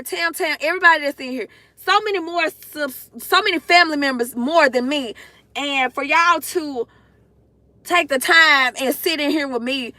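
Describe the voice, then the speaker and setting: Sitting in a parked car, a woman gushes to her livestream viewers, emotional and close to tears, speaking directly to the chat. Her voice is high with a sharp tone, and there's no room sound in this casual chat.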